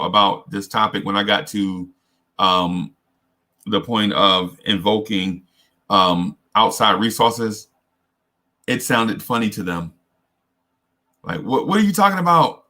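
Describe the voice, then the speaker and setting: Low-ish forceful guy giving advice, earnest, keeps restarting his words. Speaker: host. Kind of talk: casual advice talk.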